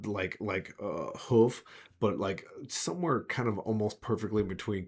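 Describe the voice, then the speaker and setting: A man with a very low voice narrates as game master of a tabletop game. His scene descriptions ramble and stall on fillers as he goes.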